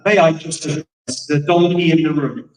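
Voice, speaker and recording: A man's voice: a little high, fairly even intonation, normal speed. A man with an English accent, talking on stage at a political event with chatty, self-deprecating asides. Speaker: political speaker. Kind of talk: panel talk on stage. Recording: echoey room from far off.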